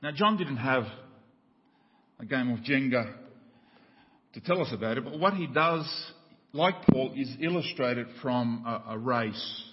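A man with an Australian accent, a pastor preaching a sermon in a church, telling a joke with rising excited voices. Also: a little slow, long pauses, slight background noise. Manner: preaching with a joke, voices climbing high in the tale. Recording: dull church recording with long reverb.

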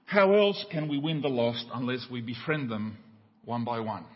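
A man with an Australian accent, a pastor preaching a sermon in a church, telling a joke with rising excited voices. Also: moderate pace. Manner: preaching with a joke, voices climbing high in the tale. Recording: dull church recording with long reverb.

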